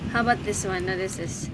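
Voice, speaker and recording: A woman's voice: medium pitch, steady tone, normal speed. A Filipino-accented mother chatting playfully with her toddler, coaxing her with simple questions and laughing often. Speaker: mother playing a sound game with her toddler. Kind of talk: casual chat with a toddler. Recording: noisy home recording with sound effects playing.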